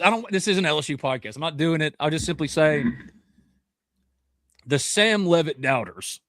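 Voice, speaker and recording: A man hosting a sports podcast, chatting in an animated, joking way. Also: fairly high pitch, dry recording, clean studio sound. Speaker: podcast host. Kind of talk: casual podcast chat.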